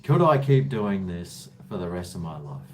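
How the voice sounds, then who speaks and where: A man's voice: deep voice, very animated, moderate pace. A man, chatting casually on his live stream, jokey and calling everyone mate.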